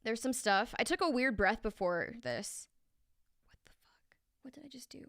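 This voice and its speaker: A woman singer chatting casually on a livestream between vocal takes, reading chat aloud and clearing her throat often. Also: fairly high pitch, lively intonation, moderate pace, fairly bright tone, no room sound, clean studio sound. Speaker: singer streaming vocal tracking.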